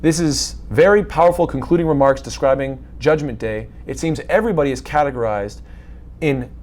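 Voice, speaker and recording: A man's voice: a little high, a little fast, darkish tone. A man giving a lecture, reading scripture passages aloud and commenting on them with rhetorical questions. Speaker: Islamic lecturer.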